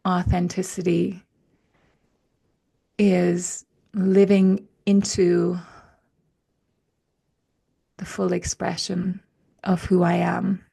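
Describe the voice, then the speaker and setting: A woman's voice: lowish voice, level tone, drawn-out words, gravelly, long pauses, warm tone, breathy edge. A woman guest in a casual podcast conversation, telling stories and acting out her inner voices with animation. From UK or Ireland.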